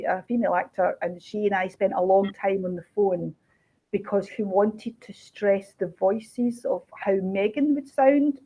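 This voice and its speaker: A woman chats easily about her writing, lively and quick to laugh. Her voice sits at an ordinary middle pitch. The sound is a bit muffled and lo-fi, like a video call. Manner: chatty, animated, laughing asides. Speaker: crime author. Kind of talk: casual interview chat. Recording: dull lo-fi video call audio.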